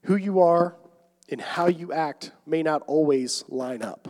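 A young man preaching a sermon, swinging between loud emphatic calls and quiet asides. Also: on the high side, unhurried. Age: young adult. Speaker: pastor. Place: church sanctuary. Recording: long hall reverb.

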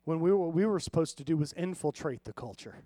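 High-voiced man preaching a conversational sermon. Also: expressive, fast talker, warm tone, no room sound, studio quality. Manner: conversational preaching with frequent audience check-ins; humorous storytelling. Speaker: pastor.

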